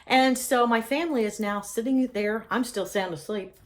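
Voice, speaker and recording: A woman's voice: fairly high pitch, moderate pace. A middle-aged woman telling a personal story with humor, laughing often.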